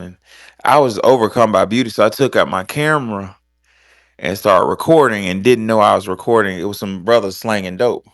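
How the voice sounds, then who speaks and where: A man's voice: on the low side, dry recording, clean studio sound. A man hosting a podcast, telling loose, profane stories in casual chat. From American South. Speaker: podcast host.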